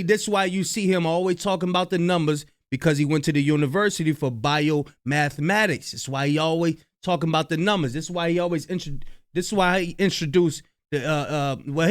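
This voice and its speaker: High-voiced animated male commentator. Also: fairly quick. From New Jersey. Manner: animated, slangy, repeats himself. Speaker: reaction channel host. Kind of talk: casual commentary reacting to clips.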